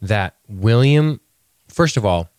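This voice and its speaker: A man co-hosting a podcast, chatting casually in animated, mock-outraged rants full of swearing and laughter. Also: on the low side, takes it slowly, clean tone, no echo. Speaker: podcast co-host. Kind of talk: casual recap chat.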